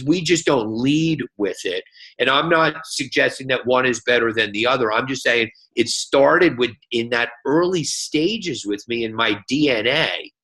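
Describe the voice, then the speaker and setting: A man in his fifties giving a motivational guest talk, an animated storyteller who keeps checking in with "okay?" and "right?". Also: medium pitch, low-quality recording. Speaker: guest speaker.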